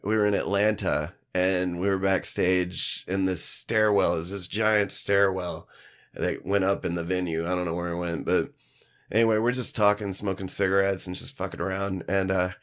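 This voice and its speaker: Man, lowish voice, animated storyteller, swears freely, acts out the people he quotes. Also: normal speed. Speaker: podcast guest, musician. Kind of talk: casual storytelling chat. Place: live-streamed studio.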